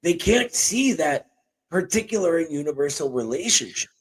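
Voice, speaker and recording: A man hosting a casual political talk show at his desk, animated and joking, speaking into a boom-arm microphone. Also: moderate pace, breathy edge, poor audio. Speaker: show host. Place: home desk. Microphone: boom-arm desk mic.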